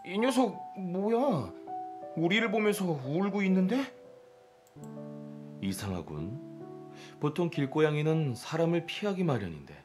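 A woman's voice: sits low, big pitch swings, very fast, long pauses. A brash young boy doll. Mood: blunt. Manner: blunt, curious. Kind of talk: game voice acting. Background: game music.

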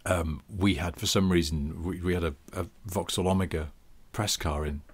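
Middle-aged male co-host, deep husky voice, anecdotal and profane. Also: fairly even intonation, normal speed. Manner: swearing, anecdotal storyteller. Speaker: podcast co-host. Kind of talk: casual chat.

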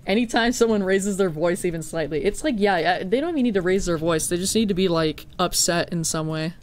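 Male game streamer, casual chat with viewers, rambly and filler-heavy, quick to laugh and swear. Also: high voice. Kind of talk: casual gameplay commentary, chatting with viewers.

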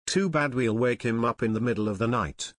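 A man's voice: mid-range voice, brisk, no room sound, clean studio sound, natural voice. A man voicing an eager teenage boy detective.

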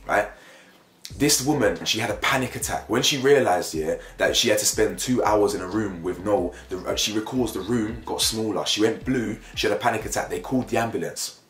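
A young man giving a heated opinion commentary for his vlog, emphatic and animated, repeating phrases to drive his point home. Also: lowish voice, brisk. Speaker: YouTube commentator. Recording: echoey room with faint music bed.

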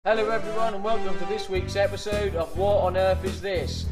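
A man, host of a metal detecting vlog, spinning deadpan tall tales in jokey banter out in a field. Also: sits high, brisk, music in the background. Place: open field outdoors.

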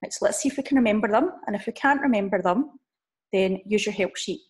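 A woman's voice: medium pitch, a little mellow. Patient woman teacher drilling numbers. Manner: slow, drawn-out drill of numbers with frequent "okay?" check-ins. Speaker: language teacher. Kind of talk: recorded online lesson.

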